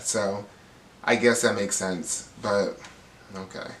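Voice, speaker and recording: A man giving a gossipy, animated recap of a reality TV episode, acting out the cast's lines with bursts of laughter. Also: medium pitch, slow pace, long pauses, reverberant, far from the mic. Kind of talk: casual recap commentary.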